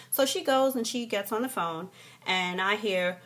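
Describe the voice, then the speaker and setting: Husky, animated woman vlogger. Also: medium pitch, moderate pace. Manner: animated, profane, mimicking people. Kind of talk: casual storytelling to camera. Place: hotel room.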